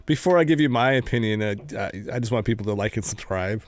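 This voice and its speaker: A man co-hosting a podcast in casual chat, relaxed and wry, asking his partner questions. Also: fairly low pitch, quick pace. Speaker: podcast co-host.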